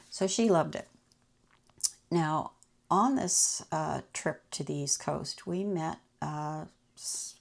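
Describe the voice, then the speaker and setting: A woman's voice: deep voice, creaky, a little mellow. A woman telling personal travel stories in a chatty, anecdotal way. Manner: chatty, anecdotal, acts out quoted people. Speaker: channel host. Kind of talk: casual personal storytelling.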